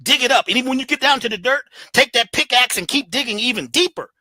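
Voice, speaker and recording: Lively, bright-voiced preachy man. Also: very high voice, fast, no room sound. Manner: preachy, emphatic, colloquial, plays with his voice. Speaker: guest speaker. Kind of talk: animated motivational talk.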